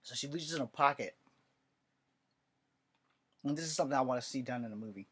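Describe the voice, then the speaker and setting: Male writer-host, casual storytelling vlog, rambling and profane, mid-pitched voice. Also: brisk, fairly bright tone, slightly rough.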